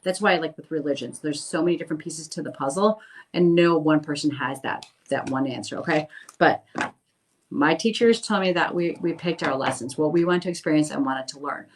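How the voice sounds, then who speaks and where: A woman's voice: sits low, a little fast, rough recording. A middle-aged woman, a medium, chatting casually on a phone livestream, reading viewer comments aloud and reassuring them. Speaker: medium doing live readings.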